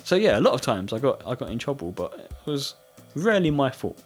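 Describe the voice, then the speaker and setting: A young British man with a husky voice, casually telling a school story with lots of "like" fillers and laughter. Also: medium pitch, very animated, a little fast, faint music behind. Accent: British English. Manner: rambling storytelling with frequent "like" fillers, laughing often. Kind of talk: casual chat.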